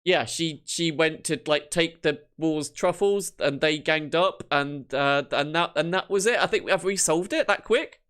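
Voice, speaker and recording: A man's voice: on the high side, unhurried, hardly any pauses, a bit bright, smooth. A man, co-hosting, rambling and teasing in comedic banter. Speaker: co-host.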